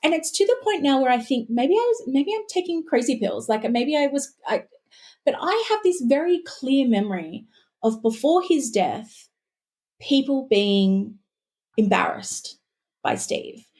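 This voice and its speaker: A woman's voice: high-pitched, very animated, measured pace, a little mellow. An Australian woman, a guest historian, talking in a casual podcast conversation, chatty and full of restarts and asides.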